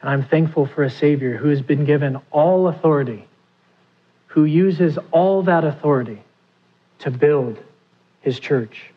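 A man's voice: on the high side, husky, dull audio. A man preaching a sermon, who asks his listeners questions and acts out the pleas he quotes. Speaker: pastor.

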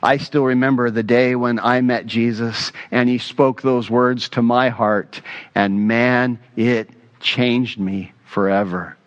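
A man preaching a sermon as pastor, telling stories in an earnest, animated way with casual asides. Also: medium pitch, takes it slowly, dull audio.

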